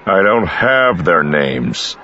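A man voicing a blunt, gruff male smuggler who answers in terse, growling comebacks. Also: deep voice, animated, normal speed, fairly bright tone, dull audio, a faint crowd, a little hiss or hum, voice pushed up.

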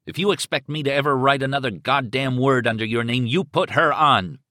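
A terrified man trying to sound normal on the phone, tense and clipped, as a man puts him on. His voice is sharp and lively in pitch, rising as he barks. It is read dry and close for a storybook recording. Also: brisk, dry recording.

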